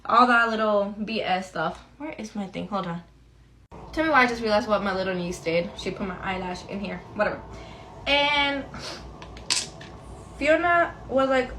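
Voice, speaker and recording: A woman's voice: medium pitch, expressive, normal speed, pauses often, pushed and bright, a little hiss or hum. Chatty young woman telling a storytime. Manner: chatty, slangy, addresses viewers as friends. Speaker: beauty vlogger. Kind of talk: get-ready-with-me storytime chat.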